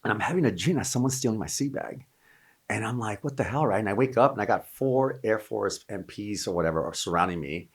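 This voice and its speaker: A middle-aged man with a deep, low voice tells a long war anecdote at a quick clip. He rambles, doubles back and restarts his sentences. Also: breathy edge. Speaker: guest, Marine veteran. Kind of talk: casual storytelling.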